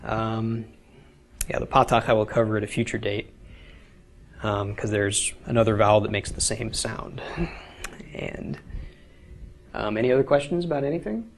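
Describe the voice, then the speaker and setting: A man's voice: lowish voice, moderate pace, creaky, long pauses. A man teaching a beginners' language class, explaining step by step and often checking with "okay?". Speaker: Hebrew teacher. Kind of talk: informal classroom lecture.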